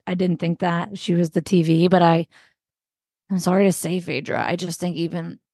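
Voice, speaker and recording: A woman's voice: lowish voice, level tone, moderate pace, mellow, husky, dry recording, clean studio sound. A woman co-hosting a podcast, talking in a reflective, easygoing way with light laughs. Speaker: podcast co-host. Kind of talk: casual chat.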